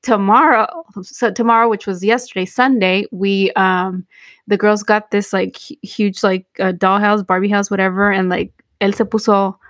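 A woman's voice: mid-range voice, fairly even intonation, normal speed, a bit bright, no echo. Woman, thirties, casual podcast co-host, Spanish asides, dry close sound. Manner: chatty storytelling, switching into Spanish. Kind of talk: casual chat.

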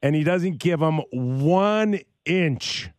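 A man hosting a sports talk radio show, asking questions in a quick, conversational way. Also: fairly high pitch, expressive, no echo, studio quality.

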